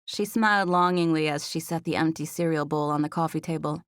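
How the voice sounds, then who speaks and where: A woman's voice: sits low, fairly quick, clear, resonant tone, no echo. Woman narrating a first-person audiobook. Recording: dry studio recording.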